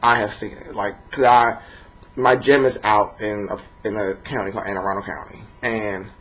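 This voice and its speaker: Low-voiced rambling D.C. man, lo-fi. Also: steady tone, normal speed, fairly bright tone. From Washington, D.C. area. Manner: rambling and profane, many fillers. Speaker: vlogger. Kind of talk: casual monologue to camera. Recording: dull lo-fi recording.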